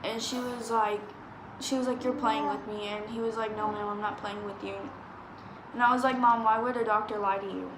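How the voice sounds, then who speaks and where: A woman in her 20s, a vlogger, rambles through a storytime chat in a voice on the high side, fairly even and moderately paced. She quotes people as she goes with "I was like," recorded in an echoey room with background noise.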